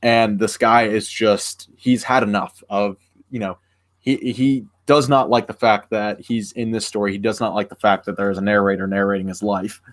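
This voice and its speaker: A man's voice: fairly low pitch, steady tone, normal speed. A young man on a casual livestream, talking with lots of fillers and restarts. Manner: rambling with many fillers and restarts. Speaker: streamer.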